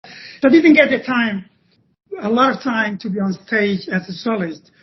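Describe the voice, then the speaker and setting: A Spanish-speaking man from Cuba with a Cuban Spanish accent, a podcast guest telling stories in a halting way that often restarts phrases. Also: sits high, lively intonation. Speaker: podcast guest, former ballet dancer. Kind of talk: conversational interview storytelling. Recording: dull lo-fi podcast audio.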